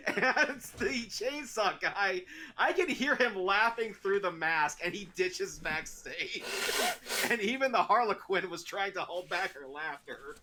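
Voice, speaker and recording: A man with a high voice co-hosts a casual talk show, speaking a little slowly against a noisy background. He tells a story in an animated way, laughing often as they chat.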